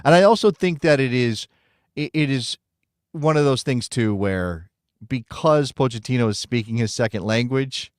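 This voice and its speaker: A man's voice: mid-range voice, moderate pace, smooth, no echo, clean studio sound. An American man co-hosting a casual soccer talk show, rambling and correcting himself as he talks. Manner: rambling, self-correcting, chatty. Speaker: podcast co-host.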